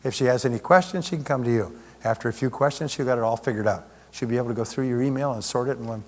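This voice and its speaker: A man's voice: mid-range voice, rapid-fire, a little mellow. A man giving a live seminar talk as a motivational speaker, conversational, with plenty of rhetorical questions. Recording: long hall reverb.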